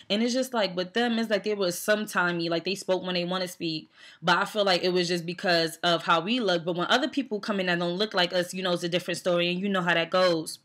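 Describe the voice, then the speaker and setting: A young adult woman ranting to camera, telling a story in a casual, animated way with lots of fillers and quoted dialogue. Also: lowish voice. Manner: animated storytelling, quoting people, frequent fillers. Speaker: vlogger.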